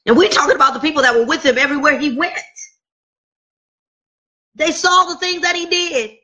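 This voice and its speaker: A woman's voice: high-pitched, a little fast, pushed and bright. A woman preacher delivering a sermon, emphatic and driving home point after point with repeated rhetorical questions.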